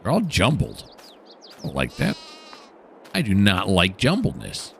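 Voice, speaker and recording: A man's voice: sits low, huge pitch swings, unhurried, vocal fry, a bit bright, slight background noise. A middle-aged man, commenting casually on a farming game and talking to the animals as he plays. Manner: rambling self-talk, chatting to the game animals. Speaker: gaming channel host.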